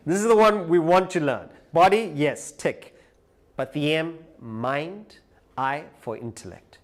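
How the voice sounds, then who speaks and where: A man giving a live lecture who tells a story with animated delivery. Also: on the high side, a little slow. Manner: animated storyteller, acts out quoted voices. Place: lecture hall.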